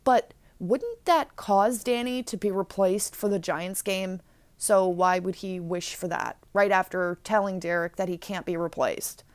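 A woman hosting a podcast, recapping an episode in a chatty, animated way. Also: mid-range voice, measured pace, no room sound. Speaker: podcast host.

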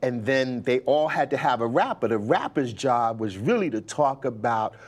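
An older man from New York, a guest telling stories in a relaxed conversation, animated and quoting others with lively bursts. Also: mid-range voice, normal speed. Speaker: interview guest, hip hop pioneer. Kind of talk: conversational storytelling.

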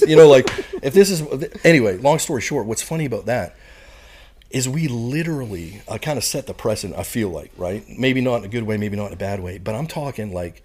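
A man's voice: lowish voice, animated, fairly quick, a little mellow, husky. A man in his forties from Canada, a retired Marine guest telling crude anecdotes in a laughing, casual way. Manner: profane, laughing anecdotes with lots of "like" and "right?". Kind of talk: casual storytelling.

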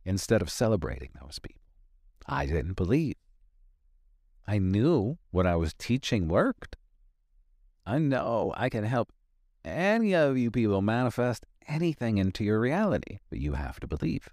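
A man's voice: lowish voice, sing-song, normal speed, a little mellow, no room sound, studio quality. A man hosting a motivational podcast, talking emphatically, repeating key lines for weight. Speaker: podcast host and life coach.

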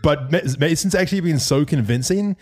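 A young man hosting a podcast, telling a story in casual chat, animated, swearing freely and laughing as he goes. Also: on the high side, a little fast.

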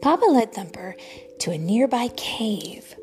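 Gentle mom reading a storybook aloud. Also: female voice, on the high side, very animated, a little slow. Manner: gentle, often dropping to a whisper. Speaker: storytime host, mother. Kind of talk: picture-book read-aloud for children. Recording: soft background music.

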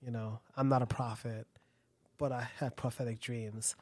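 A man's voice: medium pitch, level tone, moderate pace, a little mellow, no room sound. A man hosting a casual chat who rambles, swears a lot and laughs easily.

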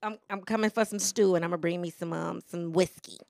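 A woman guest on a podcast, chatting casually with lively, joking interjections. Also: lowish voice, fast, gravelly, no echo, clean studio sound. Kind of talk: casual chat.

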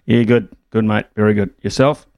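A man's voice: on the low side, fairly even intonation, no room sound, highs cut off. A man hosting talkback radio, taking callers' calls and giving blunt opinions. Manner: blunt, takes calls briskly.

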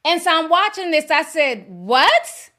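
A woman's voice: medium pitch, normal speed, pushed and bright. A woman hosting a celebrity news vlog, blunt and sassy, talking straight to her viewers. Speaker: host.

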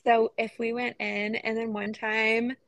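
A woman's voice: fairly high pitch, level tone, a little slow, fairly bright tone, dry recording. A woman in her thirties co-hosting a podcast, telling stories in casual chat and laughing often. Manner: chatty storyteller, laughs often. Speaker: podcast co-host.

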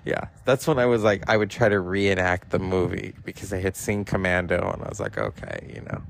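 A man's voice: low-pitched, fairly even intonation, brisk, gravelly, slight background noise, rough recording. A man in his forties hosting a podcast, telling casual personal stories in a rambling, profane way with lots of fillers. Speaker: podcast host.

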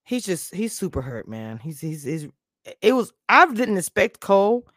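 A woman's voice: medium pitch, sing-song, normal speed, fairly bright tone, dry recording, studio quality. Blunt woman giving a frank show review. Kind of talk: casual live-stream commentary.

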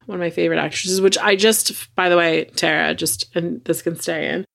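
A woman's voice: fairly low pitch, fairly even intonation, fairly quick, vocal fry, fairly bright tone. Chatty woman podcaster, swearing freely. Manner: chatty, swears freely, acts out characters' lines. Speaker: podcast co-host. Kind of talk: casual recap chat.

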